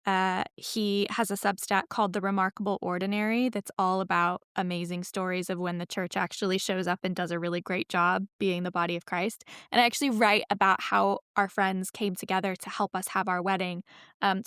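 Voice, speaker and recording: A woman's voice: mid-range voice, a bit bright, clean tone, no echo, clean studio sound. A woman in her thirties hosting a podcast, talking in a chatty, rambling way and correcting herself as she goes. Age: 30s. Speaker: podcast host. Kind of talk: casual podcast intro.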